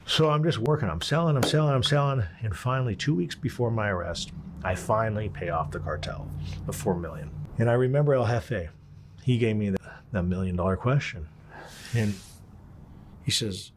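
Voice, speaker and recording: A man's voice: lowish voice, moderate pace, slight background noise. A man telling a story as an interview guest, in a blunt and profane way, acting out what people said. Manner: blunt and profane, acts out quotes. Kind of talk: casual storytelling.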